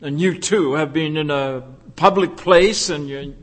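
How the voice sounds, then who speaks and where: Man, high-pitched voice, preacher, earnest sermon delivery, measured repetition.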